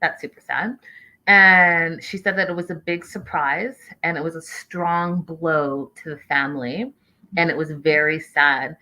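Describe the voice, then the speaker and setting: A woman in her thirties hosts a casual live recap, chatting through the episode and answering viewers in the chat. Her voice sits a bit low but sounds bright and forward. She keeps an easy, conversational flow. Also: fairly even intonation, a little slow, low-quality recording. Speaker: host of a reality TV recap show.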